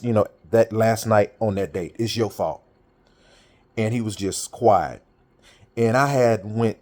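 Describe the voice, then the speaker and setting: Man telling a story in casual street talk. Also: mid-range voice. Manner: animated storytelling with colloquial speech, quoting friends. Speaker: motivational talker. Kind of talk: casual monologue.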